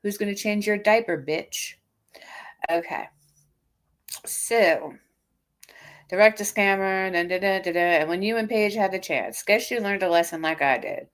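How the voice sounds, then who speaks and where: A woman's voice: mid-range voice, measured pace, pauses often. Sarcastic woman in her fifties streaming. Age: 50s. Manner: sarcastic, mocking, talks straight at her critic. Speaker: livestream host. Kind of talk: casual reaction stream.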